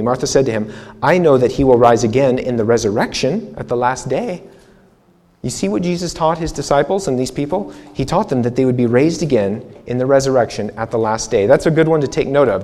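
A man's voice: medium pitch, darkish tone. A man leading a Bible seminar, preaching in a casual, conversational way with frequent repetitions and restarts. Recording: long reverb hall.

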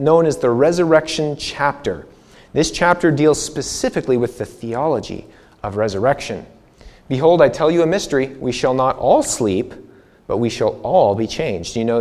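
A man with a mid-range, darkish voice leads a Bible seminar, preaching casually and conversationally with frequent repetitions and restarts. The recording carries the long reverb of a hall.

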